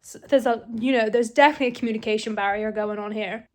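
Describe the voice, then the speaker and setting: Young woman book vlogger, slightly high voice, chatty and sarcastic, reading at home. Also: steady tone, fast. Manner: chatty, amused, sarcastic asides. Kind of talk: casual reading vlog. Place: home kitchen.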